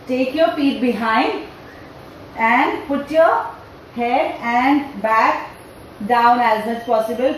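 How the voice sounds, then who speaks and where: A woman's voice: sits high, distant mic, a little hiss or hum. A woman yoga trainer leading a playful class for parents and children, asking the class questions in a sing-song, storytelling way. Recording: very echoey room with faint ambience.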